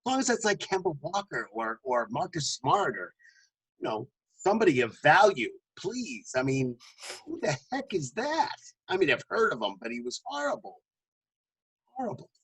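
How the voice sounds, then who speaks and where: Male co-host, a touch high-pitched, chatty storyteller who laughs between restarts. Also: big pitch swings, moderate pace, creaky, fairly bright tone, slightly rough, poor audio. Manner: jokingly puts on a booming announcer voice. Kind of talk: casual podcast chat.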